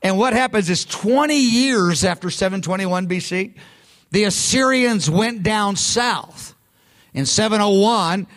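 A man's voice: sits high, a bit bright. A man preaching a sermon in a conversational, emphatic way, often breaking off and restarting his sentences. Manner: conversational, emphatic, self-interrupting. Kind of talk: sermon teaching.

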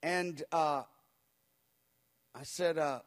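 A man recounting a spiritual experience as an animated personal testimony, acting out the people he quotes and chuckling as he goes. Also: a little high, drawn-out words. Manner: acts out the people he quotes, with cries and hushed voices.

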